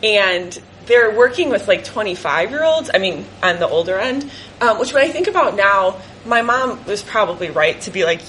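A young adult woman telling a personal story to an audience, animated and laughing often as she acts out her family. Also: mid-range voice, normal speed, slight background noise.

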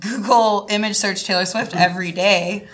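A woman's voice: mid-range voice, fairly even intonation, normal speed, background noise. A woman author introducing her book at a live reading, chatty and wry, with fillers. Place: live venue with audience.

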